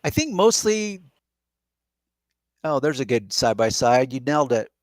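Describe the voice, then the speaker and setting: A middle-aged man hosts a relaxed live Q&A, walking through his reasoning step by step. His voice sits at an ordinary middle pitch and sounds close and dry, with no room echo around it. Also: normal speed. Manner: explains step by step, reasoning aloud. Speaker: podcast host. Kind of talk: casual live Q&A chat.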